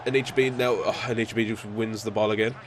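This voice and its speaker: A man's voice: lowish voice, a little fast, crowd noise. Sweary frustrated gamer man. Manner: frustrated, sweary, bursts of excitement. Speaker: gaming YouTuber. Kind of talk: live game commentary.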